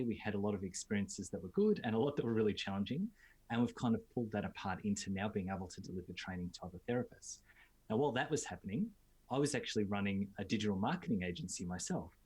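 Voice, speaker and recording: An Australian man, a business coach, giving relaxed, fluent interview answers with filler uhs. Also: lowish voice, breathy edge.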